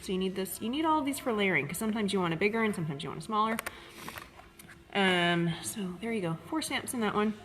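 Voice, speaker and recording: A woman's voice: mid-range voice, expressive, fast, fairly bright tone, soft background music. A woman hosting a live-streamed craft product demo, chatty and full of fillers, greeting viewers by name as she goes. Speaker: craft shop host.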